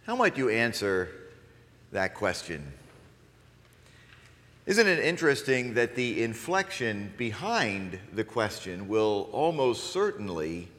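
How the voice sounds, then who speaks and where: A man preaching a sermon as pastor, acting out questions with shifting inflection and many fillers. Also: mid-range voice. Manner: lively, acts out questions with varied inflection. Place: church sanctuary. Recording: long church reverb.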